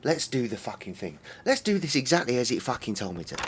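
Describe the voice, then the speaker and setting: A man's voice: mid-range voice, big pitch swings, fast, a little hiss or hum. A man streaming a game, swearing and muttering exasperatedly at it. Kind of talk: casual game-stream commentary.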